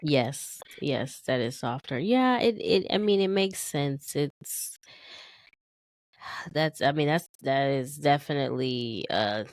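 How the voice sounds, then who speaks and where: A woman's voice: rumbling low, lively intonation, slow, no echo, studio quality. A woman and mother co-hosting a casual podcast chat, talking in meandering sentences full of restarts and fillers. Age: young adult to middle-aged, a mother. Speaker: podcast co-host.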